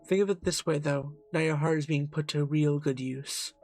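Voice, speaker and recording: A man's voice: fairly high pitch, steady tone, moderate pace, darkish tone, soft background music. A man voicing a cruel, mocking female demon who was once the hero's lover, in a game. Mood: taunting. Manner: taunting, mocking.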